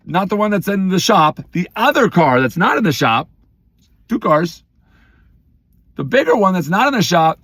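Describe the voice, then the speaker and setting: A middle-aged father venting in a rapid, exasperated storytime rant, breaking into shouted outbursts. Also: sits high, very animated, husky, dry recording, studio quality. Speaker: vlogger; father of four.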